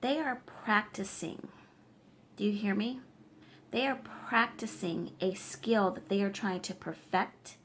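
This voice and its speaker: A woman's voice: mid-range voice, unhurried, a bit bright, a little hiss or hum. A woman tarot reader giving emphatic advice straight to her viewers, often checking in with them as she lectures. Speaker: tarot reader and spiritual practitioner. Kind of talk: direct-to-camera advice vlog.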